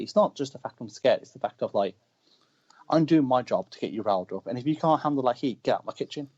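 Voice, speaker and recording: A man's voice: mid-range voice, lively intonation, fast, a little mellow, slightly rough. A man, a wrestler, telling brash, boastful stories in a casual interview. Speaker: wrestler guest. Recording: dull lo-fi audio.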